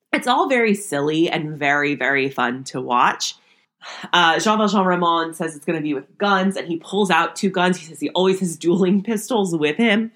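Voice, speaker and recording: A young woman recaps an old sitcom episode on her podcast, chatting away and laughing often. Her voice is low with a fairly bright tone.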